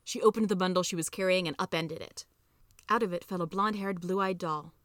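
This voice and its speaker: Bright-voiced woman reading a story. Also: fairly low pitch, fairly even intonation, a little fast, dry recording, studio quality. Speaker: podcast reader.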